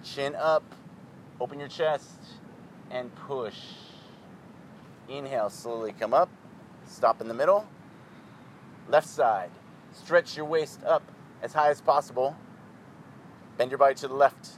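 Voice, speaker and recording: Man calling slow yoga commands. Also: mid-range voice, a little hiss or hum, rough recording. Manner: calm, rhythmic, clipped commands. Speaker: yoga instructor. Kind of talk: yoga class instruction.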